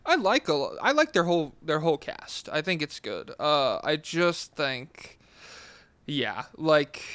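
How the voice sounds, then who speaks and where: Young male podcast co-host, opinionated and animated, smooth voice, dry close sound. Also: fairly high pitch, no room sound. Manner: opinionated, animated, swears casually. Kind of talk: casual sports chat.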